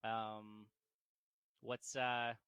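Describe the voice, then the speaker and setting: A man's voice: on the low side, little pitch movement, extremely slow, bright, forceful tone, smooth. A man narrating a tabletop game as game master, casual and laughing, swearing now and then.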